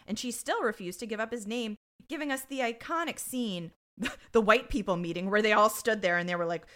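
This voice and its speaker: A woman's voice: mid-range voice, brisk, a bit bright. A woman co-hosting a podcast, chatting casually, swearing and acting out quotes from episodes. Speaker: podcast co-host. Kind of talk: casual chat.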